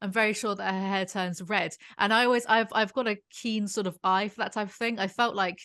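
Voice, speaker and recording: A woman's voice: medium pitch, fairly even intonation, fairly quick, fairly bright tone. A young woman hosting an interview, chatty and thinking aloud with "like" and "sort of" while posing questions to a guest. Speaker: host.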